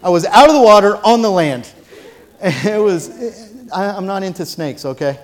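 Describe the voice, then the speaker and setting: A man preaching a sermon from a church platform, telling funny stories and then rising to loud, emphatic preaching. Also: sits high, expressive, moderate pace. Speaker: pastor.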